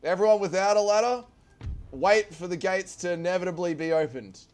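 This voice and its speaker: A man streaming a strategy game, giving excitable live commentary, swearing and shouting orders and cheers. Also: sits high, brisk, soft background music. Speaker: gaming streamer.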